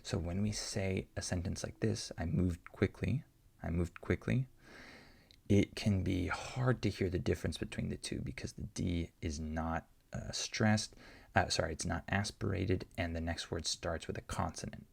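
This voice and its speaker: A deep-voiced man explains English pronunciation to learners, patiently repeating example words so each sound can be heard. His voice is heavily gravelly with a husky edge. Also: fairly even intonation, moderate pace. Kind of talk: explaining answers to learner questions.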